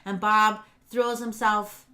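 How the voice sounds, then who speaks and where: A woman co-hosting a podcast, excitedly retelling a show's plot in casual chat with lots of fillers. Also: mid-range voice, takes it slowly. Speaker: podcast co-host. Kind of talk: casual chat recapping a show.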